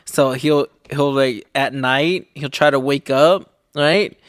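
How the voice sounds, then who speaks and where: A man's voice: medium pitch, steady tone, takes it slowly, a bit bright, clean tone, no room sound, studio quality. A man co-hosting a podcast in casual chat, laid-back and swearing freely as he laughs through stories. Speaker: podcast co-host.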